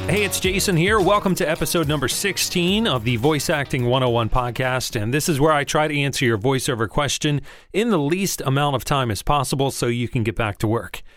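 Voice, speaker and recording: A man's voice: medium pitch, fairly quick, fairly bright tone. Male podcast host, upbeat and direct, with light background music. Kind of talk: podcast monologue.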